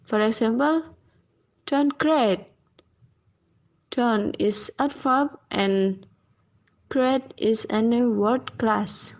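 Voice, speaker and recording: A woman's voice: fairly high pitch, extremely slow, pauses often, a little mellow. A young woman student giving a class presentation, reading her points and examples carefully one by one.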